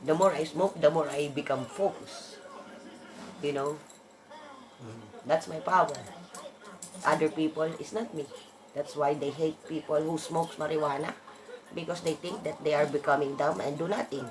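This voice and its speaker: A woman's voice: low-pitched, fairly even intonation, moderate pace, pauses often, crowd noise. A woman in a casual monologue, blunt and emphatic, swearing freely as she rants. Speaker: vlogger.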